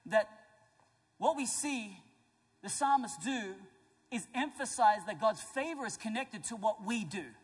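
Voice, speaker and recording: A male pastor with a high, slightly husky voice delivers an emphatic sermon, pressing his points and joking with the congregation. His voice rings through a large church hall with a long echo. Soft music plays underneath. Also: animated, unhurried. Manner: emphatic, rising to loud declarations. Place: church auditorium.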